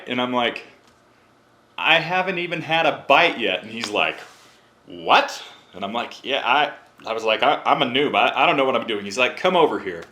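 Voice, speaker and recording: A man's voice: mid-range voice, fairly bright tone. A man, a podcast guest, telling a long story in a chatty way and acting out the voices of the people in it. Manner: chatty, acts out quoted voices. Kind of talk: casual storytelling.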